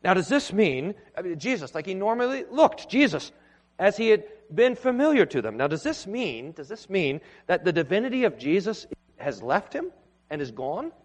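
A man preaching a sermon in a church, earnest and emphatic, with pauses and restarts. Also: sits high, big pitch swings. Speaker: pastor. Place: church sanctuary. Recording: long hall reverb.

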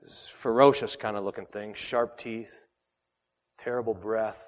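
A pastor preaching a sermon, telling a story with big swings from loud to hushed. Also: male voice, on the low side, fairly even intonation, a little slow, long reverb tail.

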